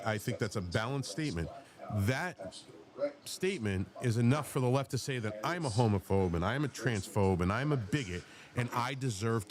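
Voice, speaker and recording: A man hosting a podcast, delivering a blunt, profane, combative political rant. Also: medium pitch.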